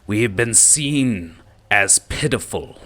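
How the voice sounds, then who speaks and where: A man voicing a huge, horned, ogre-like goblin king who speaks in slow, loud declarations to his tribe. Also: fairly low pitch, expressive, heavily acted. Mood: rallying.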